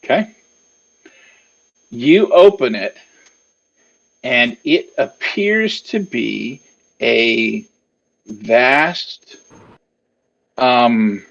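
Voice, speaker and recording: Slow, husky game master man. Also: mid-range voice, animated, a bit bright, muffled recording. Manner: meandering, full of fillers. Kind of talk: narrating a tabletop game.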